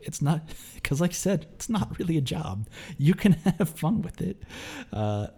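A man's voice: fairly high pitch, sing-song, unhurried, creaky, mellow, slightly rough. Laid-back man, casual swearing. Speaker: podcast host and commentator. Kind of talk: casual podcast chat.

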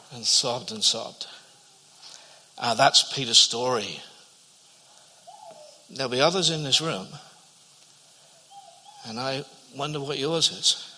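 A man preaching a sermon, telling a story and often repeating his words, then dropping to a hush at tender moments. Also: medium pitch. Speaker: pastor. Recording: long hall reverb.

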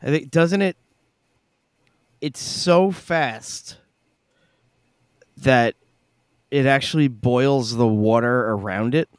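A man co-hosting a casual podcast, animated, laughing often and swearing. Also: mid-range voice, slow pace, pauses often, smooth, no echo, clean studio sound. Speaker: podcast co-host. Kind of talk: casual chat.

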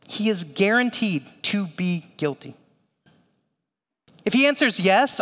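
A man's voice: high voice, fairly bright tone, in a large hall. A male pastor preaching a sermon in a conversational way, with rhetorical asides and questions.

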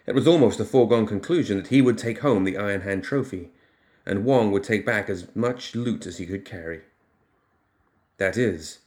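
A man narrating a fiction audiobook in steady storytelling. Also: lowish voice.

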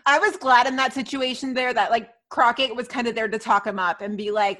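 A woman's voice: a little high, a little fast, hardly any pauses. A woman chatting casually as a podcast co-host, recapping a TV episode and acting out the characters' lines. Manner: animated, acts out characters' lines.

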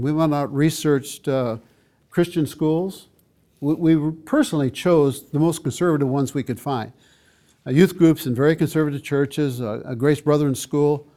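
A man's voice: a little high, mellow. An older man, a pastor, giving an earnest, emphatic teaching talk to a church audience, with frequent asides to his listeners.

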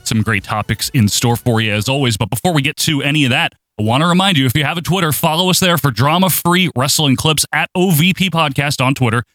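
Casual: guy hosting a podcast, bouncy sing-song delivery, super bright voice. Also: a little high, fast, few pauses, no echo. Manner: upbeat, announcer-like sing-song intro. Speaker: podcast host.

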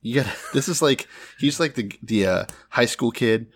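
A man's voice: medium pitch, animated, normal speed. A man co-hosting a podcast, retelling a Bible story in an irreverent, profane, joking way and often breaking into laughter.

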